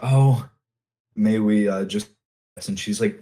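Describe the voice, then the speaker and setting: A man narrating as game master, in a loose, halting way with many fillers. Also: fairly low pitch, mellow, poor audio.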